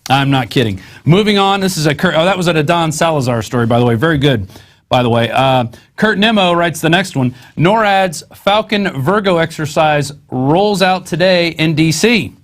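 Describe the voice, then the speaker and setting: A man's voice: fairly high pitch, normal speed. A man hosting a news show, reading articles aloud and adding sarcastic, conversational asides.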